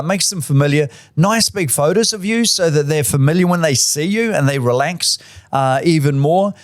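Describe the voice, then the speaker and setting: A man's voice: fairly high pitch, dry recording, studio quality. A middle-aged man, a real estate boss giving tips in a chatty, enthusiastic way full of fillers. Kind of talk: casual instructional talk.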